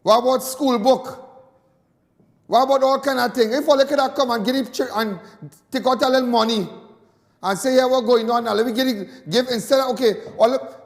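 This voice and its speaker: High-voiced, impassioned Trinidadian man ranting. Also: long reverb tail. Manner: impassioned, repetitive, indignant. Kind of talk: call-in talk radio rant.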